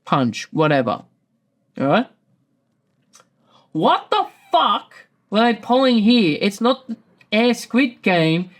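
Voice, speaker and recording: A man's voice: high-pitched, very animated, takes it slowly, long pauses. A man hosting a casual show, rambling through a profane recap and acting out quotes in passing. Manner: rambling, swears often, acts out quotes. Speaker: podcast host.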